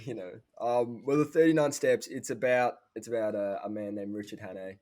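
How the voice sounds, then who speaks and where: A man's voice: on the low side, moderate pace, a little mellow. A teenage boy, a school drama student chatting casually as a podcast guest and rambling through a plot retelling. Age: teens.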